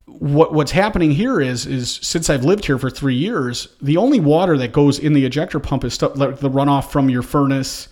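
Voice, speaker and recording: A middle-aged man hosting a podcast from his home basement studio, telling a story with energy and acting out his own shouting. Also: mid-range voice, normal speed, hardly any pauses. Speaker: podcast host. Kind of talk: casual chat.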